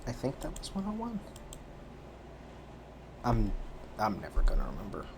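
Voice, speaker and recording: A man's voice: on the low side, wildly swooping pitch, normal speed, background noise. A man streaming and talking to himself in a casual, rambling way, tired and yawning, often restarting his sentences. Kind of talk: casual solo stream commentary.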